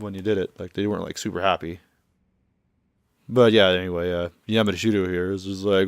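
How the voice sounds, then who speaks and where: A man's voice: low-pitched, brisk, clean tone, no room sound, studio quality. A man giving offhand, rambling commentary over gameplay, translating the dialogue as he goes. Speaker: let's play commentator.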